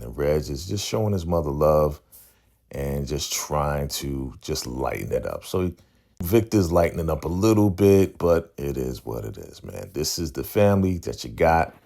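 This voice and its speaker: A man's voice: rumbling low, vocal fry, warm tone. A man hosting a casual TV episode recap, laid-back and conversational, often checking in with "right?" and acting out the characters' lines. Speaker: TV recap channel host.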